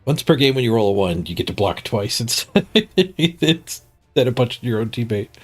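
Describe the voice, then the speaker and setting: A man's voice: medium pitch, animated, normal speed, breathy edge, soft background music. Stuffy man muttering over game stats. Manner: muttering to himself, chuckling at stats. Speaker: streamer. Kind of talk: casual gameplay commentary.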